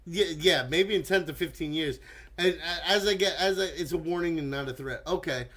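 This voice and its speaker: A man's voice: a little high, fairly quick, fairly bright tone. An American man hosting a casual chat, playful and laughing often, with the occasional swear. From United States. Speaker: streamer host.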